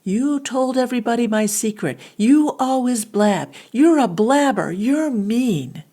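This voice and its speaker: A woman acting out a hurt, angry child calling a friend names in a loud, whiny voice. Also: on the high side, lively intonation, unhurried, voice pushed up.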